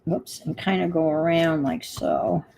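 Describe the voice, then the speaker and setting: A woman's voice: sits low, a little slow, gravelly, dark tone, rough recording. An older woman hosting a crafting livestream, chatting casually and muttering to herself as she works. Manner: talks to herself while working, muttering asides.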